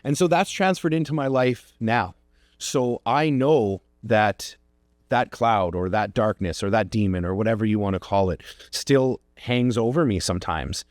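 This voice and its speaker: A man's voice: fairly low pitch, a little slow, a little mellow, no echo, studio quality. A man hosting a podcast, telling a personal story in an earnest, reflective way and encouraging his listeners. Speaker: podcast host.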